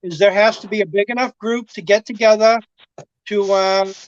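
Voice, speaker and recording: A man's voice: high voice, steady tone, moderate pace, dry recording. A man on a call making an earnest, persuasive political argument. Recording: dull, dry lo-fi call audio.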